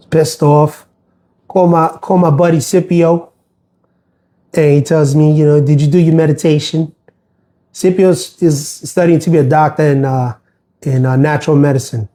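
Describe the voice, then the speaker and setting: Speaking with a high, steady, dark voice at a measured pace with long pauses, a middle-aged postal worker airs grievances casually on his livestream. He rambles, full of fillers and restarts.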